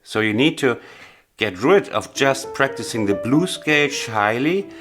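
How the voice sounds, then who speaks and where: A man teaching a blues piano lesson, explaining earnestly and with emphasis, pausing with small hesitations. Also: medium pitch, lively intonation. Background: faint piano playing.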